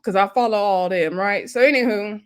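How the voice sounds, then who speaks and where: A woman's voice: mid-range voice, normal speed, smooth. A woman casually recapping a reality TV episode, chatty and opinionated, laughing often and dropping slangy asides.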